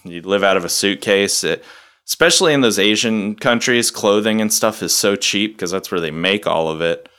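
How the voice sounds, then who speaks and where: A young man chatting casually as a podcast co-host, relaxed, rambling and swearing freely. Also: lowish voice, normal speed, clean tone. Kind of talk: casual chat.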